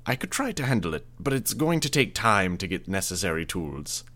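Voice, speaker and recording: A man's voice: low voice, sing-song, fairly quick, fairly bright tone. A man voicing a clinical male medic with a hard-to-place accent who puts hard emphasis on syllables. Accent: hard-to-place foreign accent.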